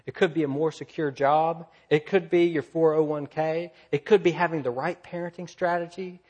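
Guy preaching, kinda high voice, gets loud telling stories then drops real quiet. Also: fairly even intonation, moderate pace. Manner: earnest preaching, rising loud in stories, dropping soft and low. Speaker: pastor. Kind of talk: sermon.

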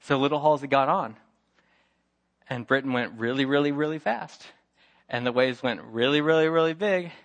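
A man's voice: mid-range voice, moderate pace, a bit bright, highs cut off. A middle-aged man preaching a sermon, telling a story with emphatic repetition and acting out the voices of its characters. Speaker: pastor.

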